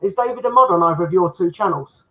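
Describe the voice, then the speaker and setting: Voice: mid-range voice, lively intonation, quick pace, fairly bright tone, rough recording. A speaker hosting a casual live stream, friendly and reassuring, addressing viewers by name.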